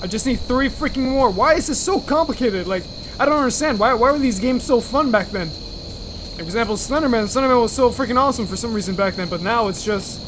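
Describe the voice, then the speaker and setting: A man's voice: very high voice, expressive, quick pace, background noise. Jumpy young man playing a horror game. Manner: jumpy, swears and screams when startled. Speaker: gaming channel host.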